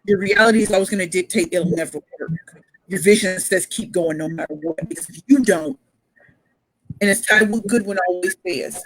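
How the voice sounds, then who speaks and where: A woman pitch coach telling her story as a motivational speaker, emphatic and repeating phrases for effect. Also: a little fast, a bit bright, no room sound, poor audio.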